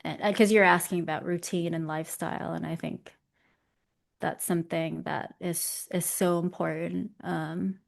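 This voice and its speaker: Interview guest: young woman, low voice with a gravelly edge, chatty and self-mocking. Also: fairly even intonation, moderate pace. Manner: chatty and self-deprecating, laughing often. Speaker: interview guest, visual development artist. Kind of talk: casual conversation.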